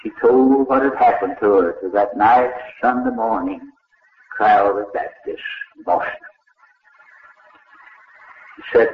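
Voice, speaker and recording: An older man, preaching a sermon as a slow, dramatic story and voicing the people in it. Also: on the low side, steady tone, a little hiss or hum. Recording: echoey hall over a tinny, lo-fi line.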